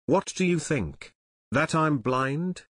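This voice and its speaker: A man's voice: medium pitch, lively intonation, a little slow, a bit bright, no room sound. Man reading as a touchy storybook villager who snaps and barks, dry close sound. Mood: angry. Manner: barking, defensive. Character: grumpy adult male villager, quick to rage.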